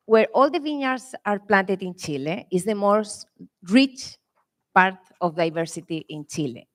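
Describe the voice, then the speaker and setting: Spanish lady on a panel, strong accent, halting english with lots of eh, mid pitch. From Spain. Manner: earnest, halting, frequent "eh" fillers. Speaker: winery panelist. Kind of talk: conference talk. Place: conference room.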